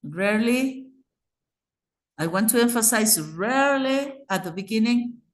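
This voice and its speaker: A woman's voice: on the high side, lively intonation, moderate pace, reverberant. A woman with a Mexican Spanish accent teaching English grammar in an online class, patiently explaining and checking in with her students.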